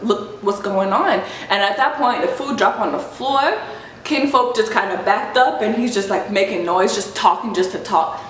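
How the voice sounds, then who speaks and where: A young woman vlogger telling a story casually, animated, swearing often and acting out the voices of the people in it. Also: medium pitch. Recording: echoey room with faint hiss.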